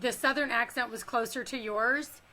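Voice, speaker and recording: A woman from California hosting an after-show interview, gushing and giggly like an excited fan. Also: fairly high pitch, normal speed, slight background noise, low-quality recording. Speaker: interview host.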